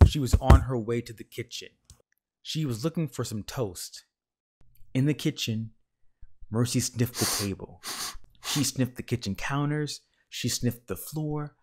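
A man reading a children's picture book aloud with gentle, measured storytelling. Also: medium pitch. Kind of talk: children's read-aloud narration.

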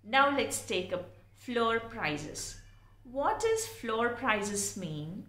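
A woman, teaching pronunciation by spelling out words and explaining them slowly and carefully. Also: a little high, very animated, sharp tone. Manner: slow, careful and deliberate. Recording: echoey room.

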